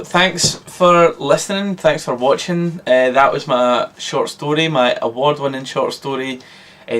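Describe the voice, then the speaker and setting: Brief: Scottish man, deadpan reader of his own short story. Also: medium pitch. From Scotland. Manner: deadpan, matter-of-fact reading.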